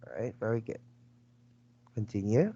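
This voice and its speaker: This English teacher on a video call has a lowish, mellow voice with a breathy edge and very animated delivery at normal speed. He prompts and repeats words patiently for his student, and the dull lo-fi audio carries no room sound.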